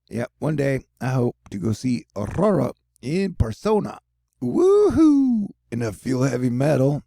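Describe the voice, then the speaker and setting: Gravelly, relaxed man chatting casually. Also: medium pitch, no echo, clean studio sound. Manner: laid-back, jokey, slangy with frequent asides. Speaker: solo news video host. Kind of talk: casual talking-head commentary.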